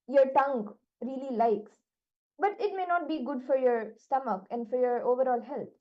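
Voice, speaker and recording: A woman giving a spiritual lesson, explaining with everyday examples and many "like" fillers. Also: high voice. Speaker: spiritual teacher. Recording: dull lo-fi recording.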